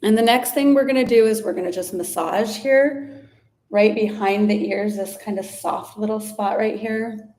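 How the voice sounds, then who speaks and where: Gentle woman guiding a body practice. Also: medium pitch, steady tone. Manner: gentle and unhurried, with fillers and restarts. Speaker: somatic practice instructor. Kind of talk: guided body practice instruction.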